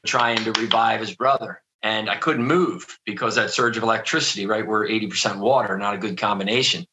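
An earnest middle-aged man recounting a personal story in an interview, with a bright, forceful tone and a somewhat low voice. He talks vividly and keeps restarting his sentences with "you know.". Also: rough recording. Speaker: guest telling his near-death story.

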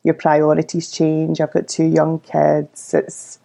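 A relaxed Glaswegian woman in her forties talks easily as an interview guest. She has a low, gravelly voice with a mellow, dark tone, and she fills her talk with ums and likes. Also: takes it slowly. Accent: Glaswegian Scottish. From Scotland. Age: 40s. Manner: relaxed, chatty, frequent fillers. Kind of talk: casual interview chat.

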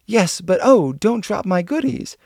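A man's voice: high voice, moderate pace, dark tone, no echo, studio quality, voice pushed up. A man voicing a shy, sweet young woman. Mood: shy, happy. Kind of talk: audiobook dialogue reading.

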